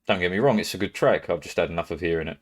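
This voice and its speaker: Talking fast in a low voice, a British livestreamer chats casually with his viewers, rambling, swearing freely and laughing often.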